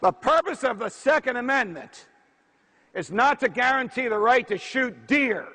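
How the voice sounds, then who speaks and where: High-voiced guy giving an emphatic speech, long hall reverb. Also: expressive, normal speed, pushed and bright. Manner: emphatic, rhetorical lecturing. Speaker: speaker. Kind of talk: political speech.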